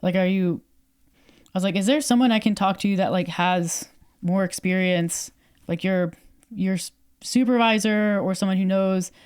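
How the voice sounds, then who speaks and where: A woman's voice: mid-range voice, normal speed, clean tone. Chatty woman telling a story. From Canada. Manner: animated storyteller, acts out quoted dialogue, many fillers. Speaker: podcast co-host. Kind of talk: casual storytelling chat.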